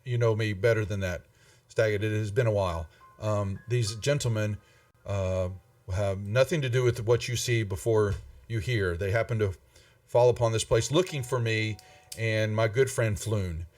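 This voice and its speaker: A man's voice: fairly low pitch, normal speed, darkish tone, lightly acted. Man voicing a polite humble nobleman. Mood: earnest. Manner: polite and formal. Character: courteous young nobleman, humble and grateful. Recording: distant mic with faint music.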